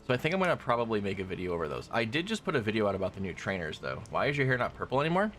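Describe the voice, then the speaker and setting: A man's voice: on the low side, sing-song, racing, a bit bright, slight background noise. A young adult man streaming a game, chatting loosely with his viewers as he plays. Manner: chatty, rambling, talks to chat while playing. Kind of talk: casual gaming stream chat.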